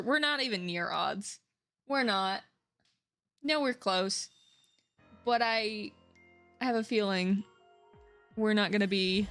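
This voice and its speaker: A woman in her thirties streaming from home, chatting casually in a rambling, emphatic way with quick laughs and cursing. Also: medium pitch, a bit bright, clean tone. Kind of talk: casual live-stream chat. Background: faint game music.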